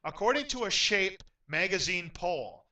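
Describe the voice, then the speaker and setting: A man hosting a game show in an upbeat, announcer-like way, getting loudly excited when a contestant wins. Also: sits high, measured pace, far from the mic, low-quality recording.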